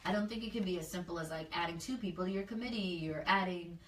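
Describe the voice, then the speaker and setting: A woman's voice: on the low side, fast talker, recorded from a distance, slight background noise. A woman community organizer in a casual interview, speaking earnestly and loosely with lots of fillers. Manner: earnest, talks freely with many fillers. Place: indoor room, livestream. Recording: echoey room, off-mic.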